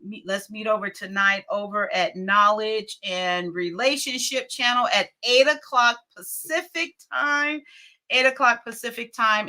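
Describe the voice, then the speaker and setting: A woman's voice: mid-range voice, pushed and bright. A woman hosting a casual livestream, chatting with viewers and laughing often. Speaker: livestream host.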